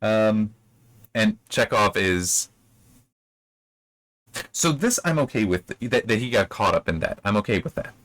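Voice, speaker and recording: A man with a low-pitched voice talks through his opinions on a book chapter in a loose, rambling way. He restarts his sentences often and his pitch jumps up sharply when something annoys him. The sound is dry and close, with no room echo. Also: a little slow, long pauses. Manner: rambling, many restarts, animated swings in pitch. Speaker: book reviewer. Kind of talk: casual spoken critique.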